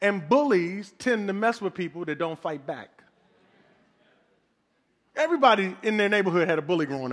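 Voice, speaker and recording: A male pastor with a very high-pitched voice preaches a sermon. He drives his points home with repetition and short punchy lines, and he calls on the congregation to answer back. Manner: emphatic, repetitive preaching with call and response.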